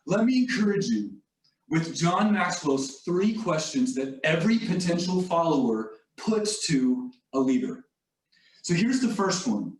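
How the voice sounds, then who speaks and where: High-voiced man giving an earnest talk. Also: big pitch swings, measured pace. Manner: earnest storytelling with light humor. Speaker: leadership facilitator. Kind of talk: motivational leadership talk. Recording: echoey room, distant mic.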